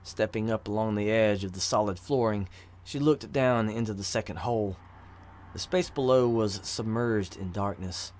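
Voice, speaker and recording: A man narrating a fantasy story in an even, measured reading voice. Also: lowish voice. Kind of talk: audiobook narration of fantasy fiction.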